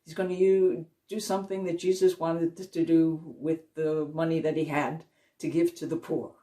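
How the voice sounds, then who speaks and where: A woman's voice: low-pitched, level tone, dark tone. Earnest woman retelling scripture, slightly distant. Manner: earnest retelling, slows for emphasis. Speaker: Christian speaker. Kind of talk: storytelling devotional talk. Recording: voice a little distant from the mic.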